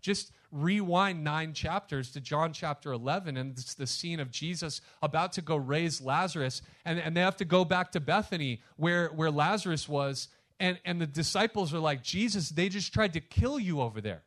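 A male pastor preaching a sermon, talking to the congregation directly and emphatically, swinging between loud punches and hushed asides. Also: on the high side, normal speed, hardly any pauses.

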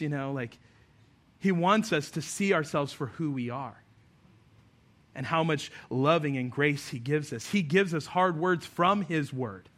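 A man's voice: on the high side, a bit bright. A man preaching a sermon as a pastor, earnest and conversational, with self-deprecating asides.

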